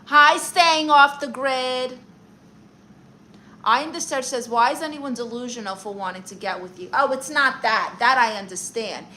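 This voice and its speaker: A brash, boastful aunt who appoints herself therapist, with a bright, pointed voice that sits a little high , as a woman puts her on. She fires back sassy comebacks while reading chat aloud on a livestream. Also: moderate pace, a little hiss or hum, rough recording.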